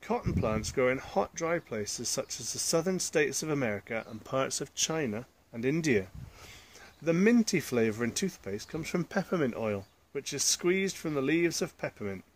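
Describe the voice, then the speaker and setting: A man's voice: mid-range voice, big pitch swings, moderate pace. A man reading a children's picture book aloud, adding chatty asides to the listeners. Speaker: storyteller.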